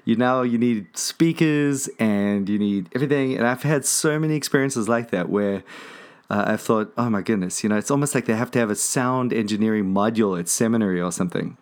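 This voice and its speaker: A man's voice: on the low side, a little fast. A man hosting a podcast, chatting in an easygoing, talkative way and laughing easily. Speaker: podcast host. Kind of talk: casual chat.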